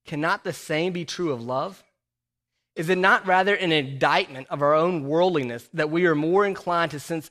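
A man's voice: a little high, a bit bright. A man preaching a sermon, reading scripture and quotations aloud and building emphasis as he goes. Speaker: pastor.

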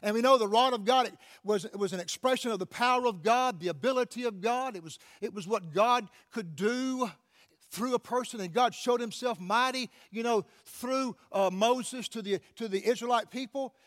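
Pastor guy preaching, really high voice, keeps asking for amens, stumbles and repeats himself. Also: normal speed, a bit bright. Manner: preaching with call-outs to the congregation; frequent restarts and repeated words. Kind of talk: sermon.

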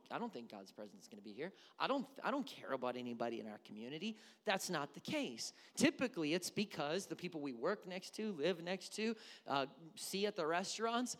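A male pastor preaching a sermon, telling stories with humorous asides in an animated way. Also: high voice, long reverb tail. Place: church sanctuary.

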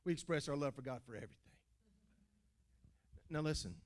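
A man preaching a sermon as pastor, his voice sitting a little high for a man. He talks in animated bursts, stumbles into restarts and folksy phrasing, and keeps calling out to his congregation. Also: a little fast. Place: church building.

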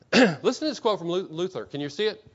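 A man's voice: sits high, expressive. Man preaching, dull lo-fi recording. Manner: asks the congregation many rhetorical questions; reads quotations slowly with emphasis. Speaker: pastor. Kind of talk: sermon.

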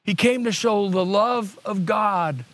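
A man's voice: sits high, slow, fairly bright tone, dry recording. A middle-aged male pastor preaching a sermon earnestly, restating key points on purpose to drive them home.

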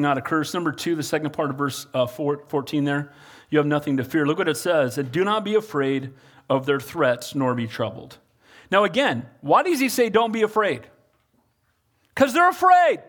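A man preaching a sermon as pastor, animated and calling on the congregation for amens. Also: on the high side.

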